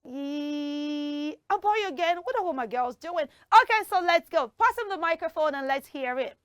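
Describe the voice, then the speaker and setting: A woman hosting a children's TV quiz show, bubbly and encouraging, heaping praise on the kids and drawing words out slowly when teaching. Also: very high-pitched, lively intonation, a bit bright, no echo, clean studio sound. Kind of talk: lively hosting of a kids' quiz in front of a school audience.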